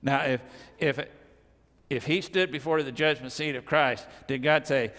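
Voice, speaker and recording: An older man in his sixties preaching a sermon in a plainspoken, folksy way, with slow, emphatic pauses. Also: medium pitch, steady tone, fairly bright tone. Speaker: pastor. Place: church sanctuary. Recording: reverberant church hall.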